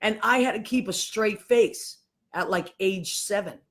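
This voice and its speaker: A woman, hosting a podcast and telling a family story in a casual, animated way, acting out the voices of the people in it. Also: mid-range voice, unhurried. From Boston, USA. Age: 50s. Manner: animated, acts out voices of people in her stories. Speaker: podcast host.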